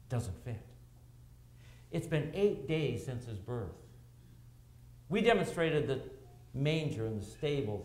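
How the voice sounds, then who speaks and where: A middle-aged man preaching a sermon as pastor, with animated delivery, rhetorical questions and dramatic pauses. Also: on the high side. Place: church sanctuary. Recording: roomy church echo.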